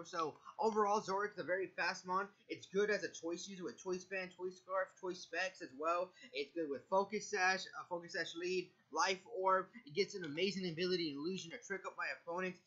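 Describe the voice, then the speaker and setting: A man's voice: high voice, steady tone, a little fast, hardly any pauses, sharp tone, muffled recording. A nervous man talking through his picks in a casual monologue, stumbling and correcting himself often. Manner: stumbling, self-correcting delivery. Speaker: video creator. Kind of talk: casual draft analysis monologue.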